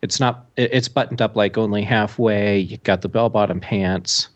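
A man's voice: on the low side, fairly even intonation, normal speed, dull audio. A man co-hosting a casual tech podcast, dry and jokey, teasing the host.

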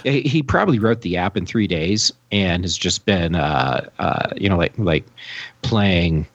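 A man's voice: low-pitched, expressive, a little slow, dry recording, lo-fi sound. A man co-hosting a casual tech chat, laid-back, mostly adding brief remarks.

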